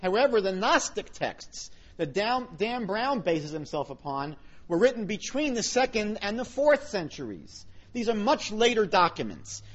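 A man's voice: high-pitched, highs cut off. A man giving a public lecture on religion, emphatic, with wry asides.

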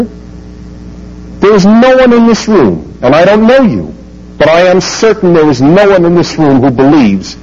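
A man's voice: a little high, darkish tone, muffled recording, slight background noise. A man giving an emphatic talk to a live audience, full of rhetorical questions. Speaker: speaker lecturing an audience.

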